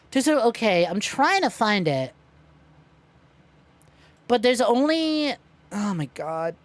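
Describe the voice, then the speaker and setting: A woman's voice: a little high, sing-song, drawn-out words, long pauses. A woman streaming a game, greeting her chat by name, swearing freely and laughing often. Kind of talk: casual livestream chat while gaming.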